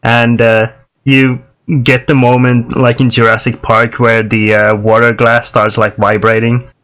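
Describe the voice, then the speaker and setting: A man's voice: mid-range voice, flat delivery, unhurried, a bit bright. A man narrating a tabletop game as game master, easygoing and often laughing.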